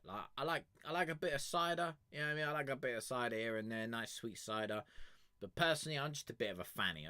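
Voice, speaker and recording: A man's voice: sits low, sharp tone, no room sound. A young man, rambling and swearing his way through casual stream chat. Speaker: streamer reviewing music.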